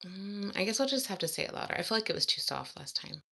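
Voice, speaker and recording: A woman's voice: medium pitch, big pitch swings, fast talker, vocal fry, pushed and bright. A woman chatting to viewers in a casual study vlog, reading practice exercises aloud and giggling as she works. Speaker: language learner vlogger.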